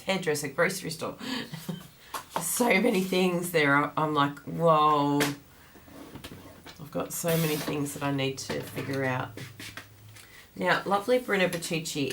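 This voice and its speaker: A woman's voice: low voice, moderate pace, a bit bright, a little hiss or hum. A woman hosting a craft class livestream, chatting casually and rambling, laughing often, with a groggy morning voice.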